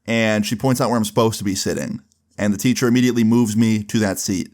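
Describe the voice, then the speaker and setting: A young man casually telling a story, with a relaxed, loose delivery full of fillers and some swearing. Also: on the low side, fast. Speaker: storyteller vlogger.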